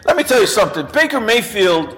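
Brief: older male podcast co-host, high voice, emphatic sports rant, faint music behind. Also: sing-song, quick pace, fairly bright tone, poor audio. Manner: emphatic, repeats himself. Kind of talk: casual sports chat.

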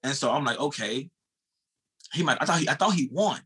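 Fast, bright-voiced man telling a story. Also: a little high, husky. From United States. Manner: animated, swears casually, calls the host bro. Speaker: guest, former sprinter. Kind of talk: casual storytelling.

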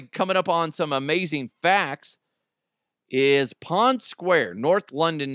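A man's voice: fairly high pitch, a bit bright, dry recording, clean studio sound. A man hosting his own podcast in a casual solo style, reading news items aloud and joking about them. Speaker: podcast host.

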